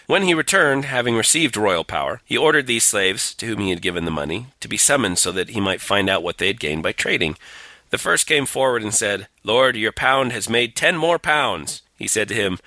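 A man's voice: lowish voice, animated, moderate pace, bright, forceful tone, no room sound. Sardonic man reading scripture mockingly. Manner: sardonic, profane, mock-dramatic readings. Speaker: podcast co-host. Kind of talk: irreverent casual chat, reading scripture aloud.

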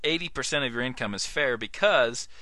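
A man co-hosting a podcast, talking fast and laughing often in casual comedic chat. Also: mid-range voice, pushed and bright, no room sound. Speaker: podcast co-host.

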